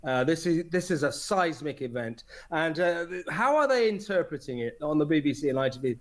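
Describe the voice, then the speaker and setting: A man's voice: a little high, expressive, a little fast. A man commenting on talk radio, indignant and ranting. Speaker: regular guest commentator. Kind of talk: opinionated talk radio rant.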